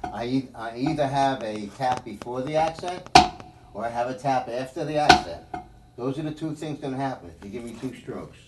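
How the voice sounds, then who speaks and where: A man's voice: medium pitch, lively intonation, normal speed. A man teaching a live drum lesson, rambling and thinking aloud with many fillers. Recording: echoey room, mic at a distance, background noise.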